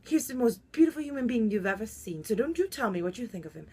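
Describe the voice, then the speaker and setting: A woman performs a pompous, theatrical high-society lady who claims French roots. Her fairly high, husky voice leaps all over the place, from sudden indignant shouts down to breathy, conspiratorial whispers. She is imperious and thin-skinned throughout. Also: sing-song, fast talker, heavily acted. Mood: haughty, indignant. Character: haughty melodramatic socialite woman, self-styled French heritage. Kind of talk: comic character monologue.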